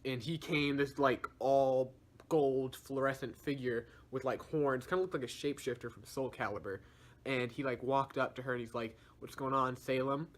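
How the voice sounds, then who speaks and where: A man's voice: medium pitch, fairly even intonation, normal speed. A young man reviewer giving a casual, slangy story recap, laughing often as he tells it. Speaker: video reviewer.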